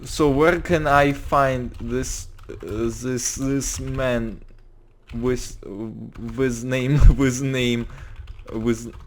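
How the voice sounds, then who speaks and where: A fearless, strong young Eastern European man, as a man puts him on speaks slow, halting, broken English in a thick Russian accent. His voice sits at an ordinary pitch. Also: steady tone. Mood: questioning. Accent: put-on Russian accent.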